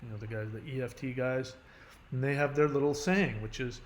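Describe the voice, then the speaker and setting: A man's voice: medium pitch, normal speed, a bit bright, roomy sound. A middle-aged man talking casually and rambling through an advice monologue, often restarting his sentences and using many "you know"s. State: has a headache. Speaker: channel host giving advice.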